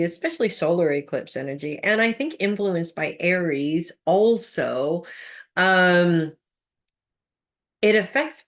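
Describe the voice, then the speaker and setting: Brief: casual woman psychic doing a spoken horoscope, rambling and friendly-paced, lower pitch. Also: a bit bright. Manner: chatty, rambling, many fillers and restarts. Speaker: psychic giving a weekly horoscope.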